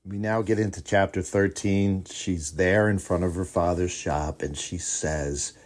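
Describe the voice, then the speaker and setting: Give me a middle-aged man with a lowish voice, talking through a book on his podcast in a lively, opinionated way. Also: a little slow. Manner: animated, opinionated. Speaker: podcast host.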